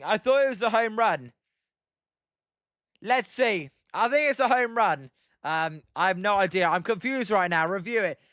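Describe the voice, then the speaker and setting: Chatty English man, high voice. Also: a bit bright, no echo, clean studio sound. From England. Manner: chatty, reads viewer comments aloud, frequent "um". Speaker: livestream host watching baseball. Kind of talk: casual live reaction commentary.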